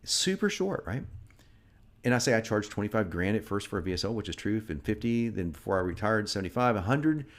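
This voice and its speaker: A middle-aged man with a somewhat low voice explains sales copy line by line. He talks in a lively, self-critiquing way and chuckles often as he teaches. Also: a little fast. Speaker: marketing instructor. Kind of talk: teaching with his own sales script.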